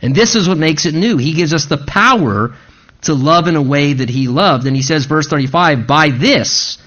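A man's voice: fairly high pitch, lively intonation, normal speed, a bit bright, lo-fi sound. A man preaching a sermon, reading scripture and stressing points through repetition and quoted asides. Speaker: pastor.

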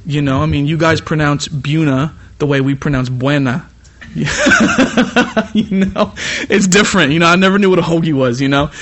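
A young man from California delivers a sermon in a fairly high voice. He preaches with animated energy, then slips into relaxed, chatty asides full of "you know.". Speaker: youth pastor. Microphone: iPad.

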